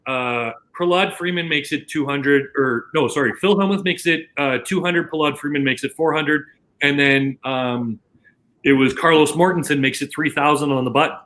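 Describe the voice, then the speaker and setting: A Canadian man who works as a casino dealer tells a long anecdote as a podcast guest in casual conversation. His voice is fairly high with a sharp tone, and he keeps restarting and quoting dialogue. The recording is rough.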